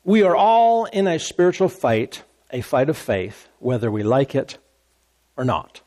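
Man preaching in a relaxed, repetitive way. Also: mid-range voice, a little slow. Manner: conversational preaching, repeats phrases, asks the congregation "Amen?". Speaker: pastor. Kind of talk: sermon.

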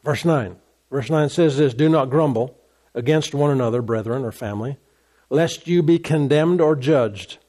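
A man preaching a sermon as a pastor, animated, acting out complaining voices along the way. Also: mid-range voice, normal speed.

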